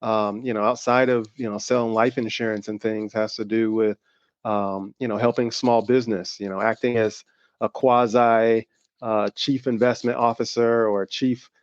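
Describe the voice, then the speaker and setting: A man's voice: on the low side, flat delivery, moderate pace, no room sound. A man with a Southern American accent, co-hosting a podcast in casual conversation, rambling with many fillers and restarts. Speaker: podcast co-host. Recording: dull lo-fi sound.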